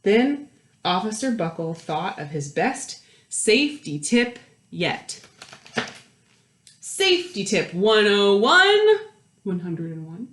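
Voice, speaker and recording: A woman hosting a children's storytime, reading aloud and chatting to young kids in a bright, lively sing-song manner. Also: mid-range voice, slow, pauses often. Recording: roomy echo with piano. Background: piano.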